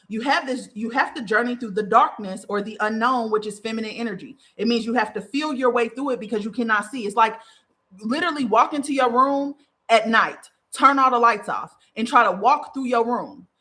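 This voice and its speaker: A woman's voice: a little high, a bit bright. A woman podcast host giving a spiritual monologue, fiery and profane, repeating phrases for emphasis.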